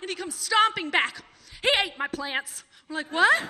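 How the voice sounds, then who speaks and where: A woman in her forties telling a personal story on stage to a small live audience, animated and often laughing. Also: very high voice, moderate pace, long reverb tail, heavy background noise. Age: 40s.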